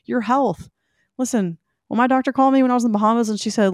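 A woman's voice: a little high, quick pace, dry recording, studio quality. Upbeat woman hosting a solo podcast. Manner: animated, emphatic, self-affirming, addresses listeners directly. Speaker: podcast host. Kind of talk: solo podcast talk, motivational.

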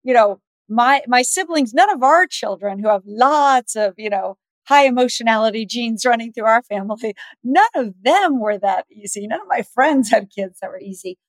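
A middle-aged woman speaking as the expert guest on a parenting podcast, telling stories lively and acting out the dialogue. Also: fairly high pitch, moderate pace, hardly any pauses, dry recording. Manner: animated storyteller, acts out dialogue. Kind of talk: podcast interview.

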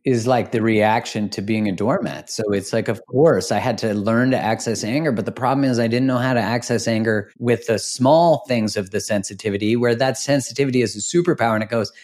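A man's voice: medium pitch, a little mellow. Earnest, reflective male podcast host. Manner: reflective, earnest, speaks in slow deliberate phrases. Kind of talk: podcast conversation.

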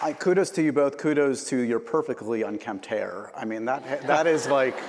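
A man's voice: mid-range voice, normal speed, crowd noise. A man hosting an interview, asking questions in a playful, teasing, chatty way. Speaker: interviewer host. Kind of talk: casual promotional interview. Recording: roomy reverb.

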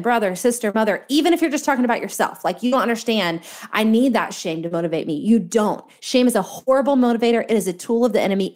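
A woman's voice: fairly high pitch, a little mellow. A woman in her thirties, a guest author talking in a faith-based podcast conversation, earnest and emphatic, repeating key points. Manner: earnest, preachy, emphatic repetition.

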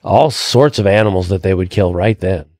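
A man's voice: sits low, normal speed, darkish tone, no echo, studio quality. An older man chatting casually on a podcast, telling anecdotes with a laugh. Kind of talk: casual chat.

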